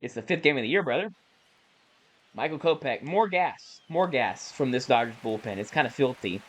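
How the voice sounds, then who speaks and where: A man casually calling the plays of a baseball video game he is playing, chatty and self-correcting, with bursts of excitement on big plays. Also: medium pitch, normal speed, poor audio. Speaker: gaming YouTuber. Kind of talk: casual play-by-play while gaming.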